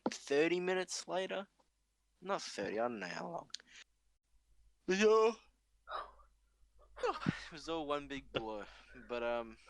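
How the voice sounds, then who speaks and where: A young man rambles through a casual podcast story, swearing freely and laughing as he goes. His voice sits at an average pitch, and the close mic sounds dry with no room around it. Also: gravelly, fairly bright tone, dry recording. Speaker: podcast host.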